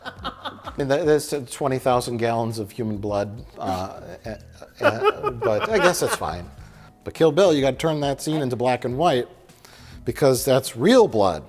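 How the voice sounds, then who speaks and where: A man's voice: medium pitch, very animated, measured pace. A man chatting casually about movies as a reviewer, rambling and joking, often breaking into laughter. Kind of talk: casual chat.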